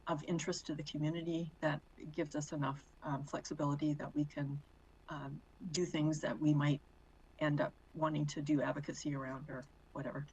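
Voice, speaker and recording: A woman's voice: low voice, level tone, brisk, a little mellow, slightly rough, poor audio. A woman board director at a committee meeting, speaking earnestly and firmly about wording. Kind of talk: meeting discussion.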